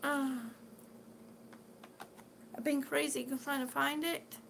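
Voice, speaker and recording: A woman's voice: high-pitched, flat delivery, takes it slowly, creaky, a bit bright, a little hiss or hum. A middle-aged woman chatting casually on her live stream, rambling and answering viewers' comments as she goes. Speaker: vlogger living with lung disease.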